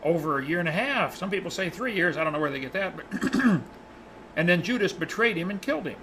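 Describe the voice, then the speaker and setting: A man teaching a Bible study class tells a story with real animation. His voice sits a little high and has a bright, forceful edge. A faint hum of noise runs behind him. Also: fast, rough recording. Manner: animated, acts out the characters' lines in his retelling.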